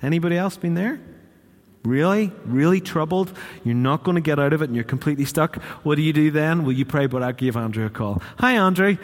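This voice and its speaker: Preacher in an echoey church. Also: male voice, fairly high pitch, a little fast. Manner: conversational, asks the congregation questions. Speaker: pastor. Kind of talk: sermon.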